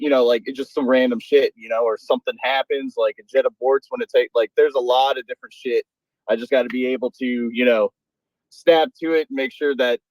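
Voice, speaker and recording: A mid-pitched man rambles through casual call chat, swearing freely as he explains his supervisor job. He talks from his workplace, and his voice comes through dry and close, with no room around it. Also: darkish tone, dry recording, muffled recording. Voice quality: profane, rambling, says he talks fast. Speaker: Air Force aircraft maintenance supervisor. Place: at work on an air base.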